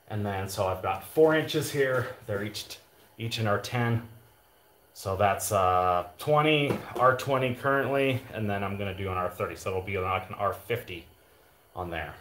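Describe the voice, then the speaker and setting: A man's voice: lowish voice, a bit bright, slight background noise. A man out of breath, casually explaining his work as he goes, chatty and rambling. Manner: chatty, rambling, jokey asides. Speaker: DIY vlogger. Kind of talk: casual how-to narration while working. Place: unfinished shed, indoors.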